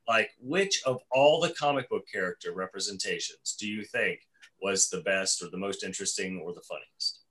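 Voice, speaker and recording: A man's voice: deep voice, moderate pace, bright, forceful tone. A man hosting a casual podcast chat, enthusiastic and saying "dude" a lot. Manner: enthusiastic, says "dude" often. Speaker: podcast host.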